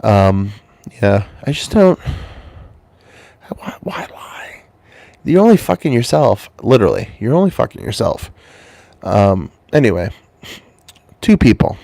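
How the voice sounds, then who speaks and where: A man's voice: on the low side, sing-song, normal speed, vocal fry, no room sound. A man with a cold hosting his channel, rambling through a crude comic monologue full of swearing, with a stuffy, congested voice. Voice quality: stuffy-nosed. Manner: loose, swearing, swings between mumbles and loud jumps. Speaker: channel host.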